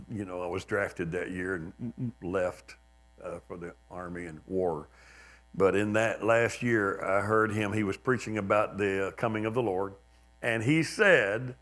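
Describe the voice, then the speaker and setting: A man's voice: sits low, steady tone, moderate pace, fairly bright tone. A man in his seventies, a pastor, preaching a sermon in a church in a conversational, self-deprecating way, now and then mimicking others with a raised, emphatic voice. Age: 70s. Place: church sanctuary.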